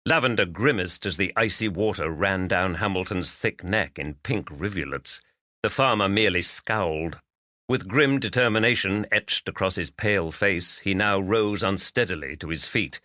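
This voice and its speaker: A man narrating a mystery audiobook in a measured, expressive reading. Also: deep voice, no room sound, studio quality.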